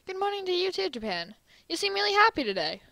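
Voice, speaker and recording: A woman's voice: extremely high pitch, very animated, fast talker, gravelly, pushed and bright, no echo, voice pushed up, full character voice. Woman doing a brash cheerful young hero. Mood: boisterous. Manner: brash and bouncy. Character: loud cheerful young male hero, boastful.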